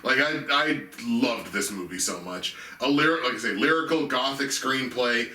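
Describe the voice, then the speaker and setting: A man's voice: medium pitch, normal speed, pushed and bright. A man co-hosting a movie podcast, ranking his favorite films with open enthusiasm. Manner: enthusiastic, laughs while talking. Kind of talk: casual film review chat. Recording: echoey room, mic at a distance.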